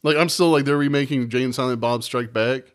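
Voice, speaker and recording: A man's voice: medium pitch, quick pace. Podcast co-host, male, casual storyteller, swears freely, acts out dialogue. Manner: rambling, profane, acts out quotes.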